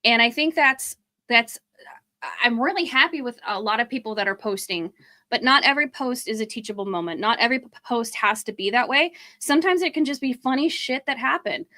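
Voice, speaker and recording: A woman's voice: on the high side, lively intonation, brisk, sharp tone. A woman co-hosting a marketing podcast, talking casually and bluntly with a little swearing. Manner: blunt, emphatic, mild swearing. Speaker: podcast co-host.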